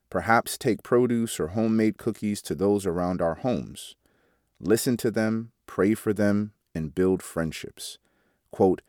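A man reading a devotional article aloud in a measured way, announcing each quotation out loud. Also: sits low, no echo, studio quality. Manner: measured, reads quote marks aloud. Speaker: devotional reader.

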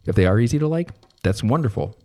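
A man giving a relaxed, conversational recorded lecture as a therapy instructor, thinking aloud as he explains. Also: medium pitch, fast.

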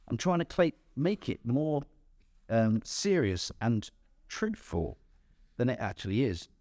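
Animated male preacher, lively pitch. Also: no room sound, studio quality. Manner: animated storyteller, chuckles at own jokes. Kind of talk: sermon with storytelling.

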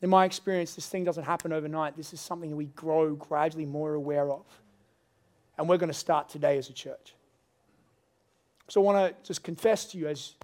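A middle-aged man preaching a sermon as pastor, earnest and confessional, rising to loud pleading. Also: on the high side. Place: church service.

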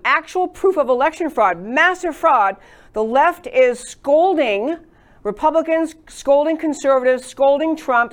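A woman hosting a political talk show, giving indignant, emphatic commentary between clips. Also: sits high. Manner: indignant, emphatic, lists grievances.

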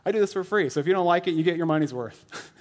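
A man in his thirties preaches in a loose, conversational way, packing his talk with "like" and chuckling at his own jokes. His voice sits a little high for a man. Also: animated, fast. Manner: chatty and joking, lots of "like", laughs at his own jokes. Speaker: lay elder preaching. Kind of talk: casual sermon.

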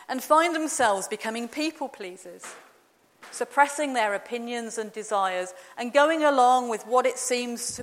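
A woman giving a measured, gentle, reflective sermon in a church. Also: medium pitch. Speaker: preacher. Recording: long reverb of a large hall.

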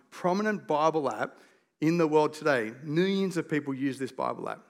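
A man with an Australian accent preaching a conversational sermon as a pastor, telling stories with lively, self-deprecating humour. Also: fairly high pitch.

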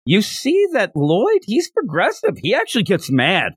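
A man co-hosting a podcast, excitedly retelling a manga chapter in casual chat, rambling with many restarts. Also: high-pitched, normal speed, husky, dry recording, clean studio sound. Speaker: podcast co-host. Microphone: podcast microphone.

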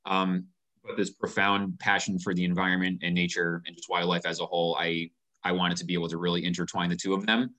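A man's voice: sits low, flat delivery, brisk, bright, forceful tone. A man being interviewed as a company founder, speaking earnestly and passionately in a casual conversation, often repeating a word as he starts a sentence.

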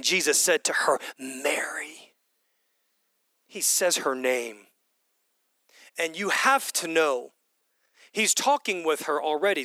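A man preaching a sermon to his congregation, animated, swinging between loud bursts and hushed whispers. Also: fairly high pitch, no room sound. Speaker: pastor. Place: church hall with congregation.

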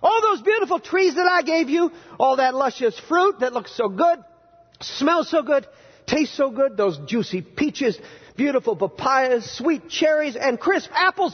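A male pastor preaching a sermon in a church, animated and quizzing his congregation with playful sarcasm. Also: very high voice, unhurried. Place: church sanctuary. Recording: dull, reverberant church hall recording.

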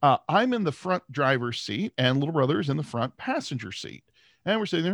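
A man's voice: mid-range voice, sing-song, fast talker, gravelly, a bit bright, no echo. A man co-hosting a podcast, telling stories animatedly and laughing often in casual chat. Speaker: podcast co-host.

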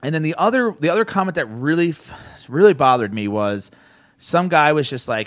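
A male podcast host who tells stories in a lively, swinging voice, his pitch sitting a bit high for a man and jumping around as he gets worked up. He laughs and swears freely, and the sound is close and dry with no room in it. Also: brisk, no room sound. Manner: animated storyteller, swears freely, laughs often. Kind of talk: casual chat.

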